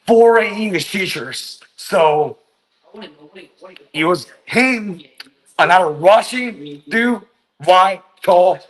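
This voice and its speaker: A man's voice: high-pitched, expressive, a bit bright, rough recording. A man from China speaking English as a second language in a casual vlog monologue, rambling, full of fillers and swearing. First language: Chinese. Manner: slow, rambling, swears a lot, many fillers. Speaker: vlogger.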